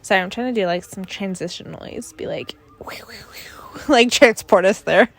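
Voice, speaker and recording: A woman's voice: fairly high pitch, big pitch swings, slow pace, vocal fry, breathy edge, no echo. A young woman hosting her own podcast in casual chat, rambling and giggly, often trailing off into mumbles. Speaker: podcast host.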